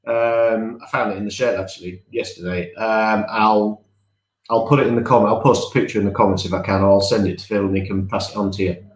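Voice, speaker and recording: A man's voice: lowish voice, fairly even intonation, fast talker, echoey room. A man co-hosting a casual live-stream podcast from home, chatty and rambling, often laughing at himself. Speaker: podcast co-host.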